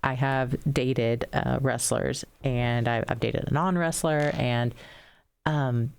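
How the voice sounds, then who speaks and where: A woman in her thirties tells stories in a casual podcast chat. Her voice has a gravelly fry, and she talks in an animated way, laughing often and acting out the people in her stories. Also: rumbling low, takes it slowly. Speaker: podcast co-host, wrestler.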